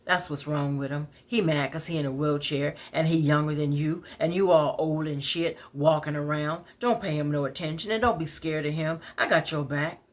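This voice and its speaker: A woman's voice: deep voice, steady tone, natural voice. Woman playing a brash fearless woman in her forties. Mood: fierce. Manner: loud, brash, cursing, fast.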